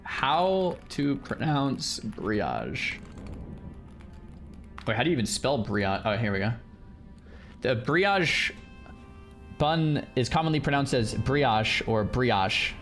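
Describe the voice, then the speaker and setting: A male streamer chatting casually with his viewers in an animated, incredulous way. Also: mid-range voice, slow, pauses often, soft background music. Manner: animated, incredulous, talks to chat. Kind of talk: casual livestream chat.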